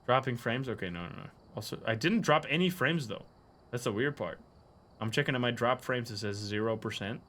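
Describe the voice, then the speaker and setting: A man streaming a ghost-hunting game, chatting casually, mumbling then bursting into loud excited outbursts and swearing. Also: mid-range voice, brisk. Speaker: streamer playing a horror game. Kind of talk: casual livestream commentary.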